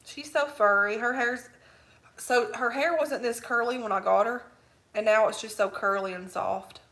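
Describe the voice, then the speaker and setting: A woman chatting casually on a livestream, cooing baby talk to her puppy in a soft, drowsy way. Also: on the high side, normal speed. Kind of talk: casual live chat.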